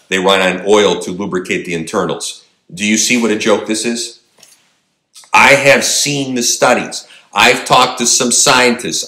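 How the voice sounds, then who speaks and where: A man's voice: on the low side, bright, forceful tone, reverberant. A man delivering an emphatic opinion monologue, firing rhetorical questions at his audience. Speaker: political commentator.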